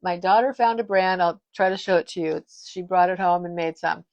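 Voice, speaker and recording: A woman's voice: lowish voice, brisk, darkish tone, dry recording, dull audio. A woman in her fifties giving a casual direct-to-camera monologue as a wellness vlogger, emphatic, firm and blunt, often restarting her sentences.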